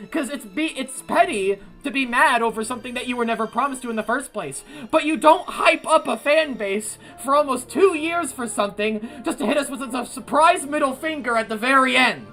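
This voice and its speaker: A young man streaming casually, ranting loud and exasperated and repeating himself. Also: very high-pitched, fairly quick, hardly any pauses, soft background music. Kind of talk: casual chat on a livestream.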